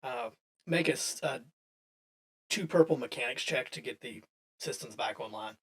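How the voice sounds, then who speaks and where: Chatty male game master, slightly high voice. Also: big pitch swings, moderate pace, creaky, a bit bright. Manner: chatty, loose, often laughing, many restarts. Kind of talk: narrating a tabletop game.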